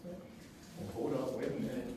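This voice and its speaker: A man giving an energetic, playful workshop talk to a live audience, quizzing the crowd. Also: mid-range voice, unhurried, slight background noise. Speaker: motivational speaker. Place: meeting room with a live audience. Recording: very echoey room, far from the mic.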